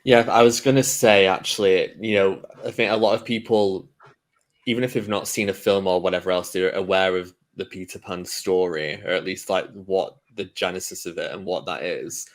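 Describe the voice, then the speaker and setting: A man's voice: sits low, fairly even intonation, moderate pace. A man in a casual podcast discussion, rambling through one example after another. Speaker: podcast guest.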